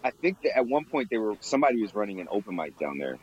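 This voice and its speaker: A man's voice: on the low side, sing-song, fast talker, highs cut off, slight background noise. A young man being interviewed about bartending. He rambles casually, fills his talk with fillers and laughs often. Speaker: guest, former bartender.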